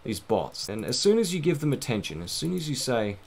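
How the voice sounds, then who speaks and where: A man's voice: medium pitch, very animated, fairly quick, vocal fry, darkish tone. A man giving casual, rambling, self-mocking commentary while playing a game, swearing now and then. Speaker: gaming let's-play host.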